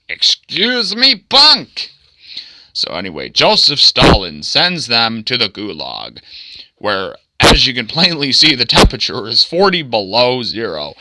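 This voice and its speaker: A man's voice: mid-range voice, bright, forceful tone, no echo, clean studio sound. A man casually narrating his own comic, crude and joking, with frequent chuckling asides. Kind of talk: casual commentary.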